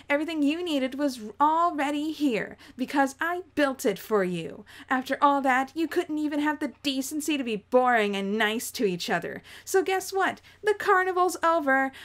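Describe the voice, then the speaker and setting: A woman voicing a brash, arrogant alien teen girl villain, reading a webcomic aloud with cocky, theatrical taunts. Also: high voice. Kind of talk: read-acting a webcomic.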